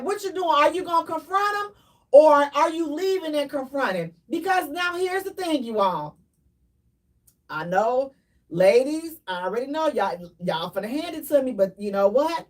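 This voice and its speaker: On live call-in radio, this high-pitched female host takes her time, sitting a bit back from the microphone. Her manner is lively and sermonizing, with repetition and occasional loud outbursts.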